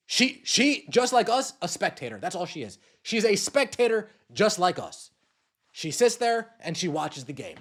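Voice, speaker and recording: A man's voice: sits high, very animated, normal speed, a bit bright. A man hosting a podcast, delivering an angry sports rant, swearing and repeating himself. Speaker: podcast host.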